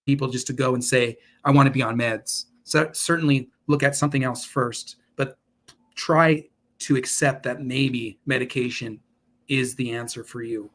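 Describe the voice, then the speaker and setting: A man's voice: mid-range voice, steady tone, moderate pace, fairly bright tone. A man in his forties, a podcast guest telling his story in an earnest, rambling way with many restarts. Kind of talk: casual interview storytelling.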